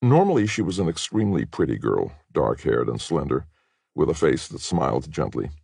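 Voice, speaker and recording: A man reading a spy novel as an audiobook narrator, measured and expressive. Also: rumbling low, gravelly, slightly rough, no echo, studio quality. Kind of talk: scripted narration.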